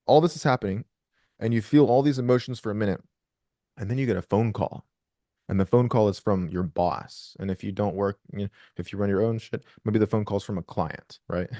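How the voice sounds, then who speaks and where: Man, coach on a group call, profane, blunt, quick, close dry sound. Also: fairly low pitch, dark tone, no echo. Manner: blunt and profane, acts out quoted voices. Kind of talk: casual coaching talk on a call.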